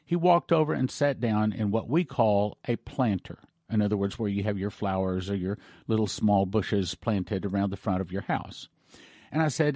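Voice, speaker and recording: A male pastor retelling a story in an animated, conversational broadcast sermon. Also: lowish voice, normal speed, no room sound, clean studio sound.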